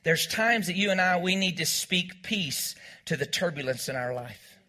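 Man, pastor, sermon, high voice, bright, call-and-response. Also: expressive, normal speed. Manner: call-and-response preaching, repeats lines, has congregation echo. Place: church.

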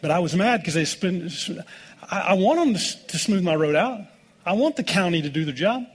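A man's voice: high-pitched, animated, a little fast, breathy edge. A middle-aged American man preaching a sermon as pastor, telling folksy stories with jokes. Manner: folksy, joking storytelling with laughs.

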